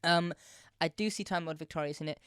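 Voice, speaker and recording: Young woman cohost on a podcast, lowish voice, cracks up a lot, acts stuff out, dry close sound. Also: fairly even intonation, fairly quick, clean tone, no echo. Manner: laughs often, acts out scenes in silly voices. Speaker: podcast co-host. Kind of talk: casual chat.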